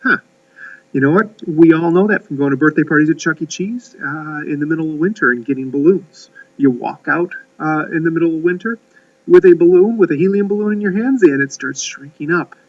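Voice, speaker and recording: A man's voice: a little high, a little fast, far from the mic, highs cut off. A middle-aged man giving a chemistry lecture to his students, folksy and rambling, with lots of "uh"s and restarted words. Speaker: high school chemistry teacher. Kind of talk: recorded classroom lecture.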